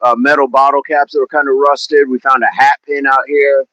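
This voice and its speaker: An upbeat man hosts an outdoor fitness live stream in a park, chatting casually, greeting viewers by name and repeating his words while he warms up. His ordinary-pitched voice sounds dry and close without echo, with a flat delivery at normal speed.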